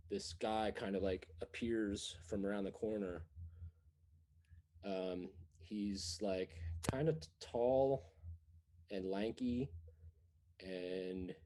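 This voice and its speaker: A man's voice: lowish voice, fairly even intonation, slow, mellow. A man running a live tabletop game as game master, narrating scenes in a laid-back way and laughing often.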